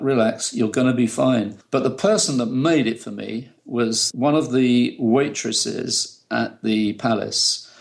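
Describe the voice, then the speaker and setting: A man's voice: mid-range voice, gravelly. A middle-aged man from the United Kingdom, a photographer, telling chatty anecdotes in an interview and laughing often. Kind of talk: relaxed anecdotal storytelling.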